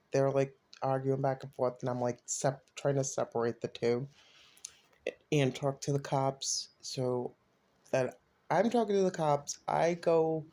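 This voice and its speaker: A man casually telling a personal story, raising his voice when quoting others. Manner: animated retelling, voices quotes with rising pitch. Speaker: storyteller recounting a personal event.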